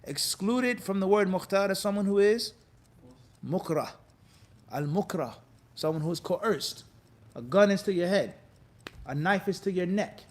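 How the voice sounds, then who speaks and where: A man with a high voice teaches a classroom lesson on religious law. He keeps the room engaged by quizzing students mid-sentence and playing out quick scenes to make each point stick. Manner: animated, quizzes class with repeated "what?" prompts; acts out quoted people in lively bits. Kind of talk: classroom lecture.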